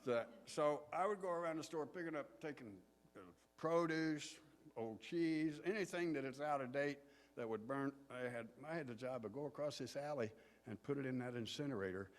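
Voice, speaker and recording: A man from southern Indiana, a pastor telling stories in a sermon in a folksy, unhurried way. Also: mid-range voice. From southern Indiana, USA. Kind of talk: sermon storytelling. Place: church sanctuary. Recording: long hall reverb.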